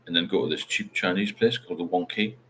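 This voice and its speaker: A man's voice: low voice, fast, a bit bright, a little hiss or hum. A middle-aged man, hosting a casual livestream chat and rambling while he reads out viewer comments. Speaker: livestream host.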